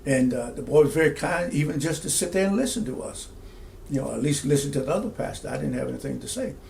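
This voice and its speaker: A middle-aged man, a pastor, telling a personal story slowly and reflectively, with many fillers and restarts. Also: fairly high pitch, expressive, gravelly, darkish tone, slight background noise.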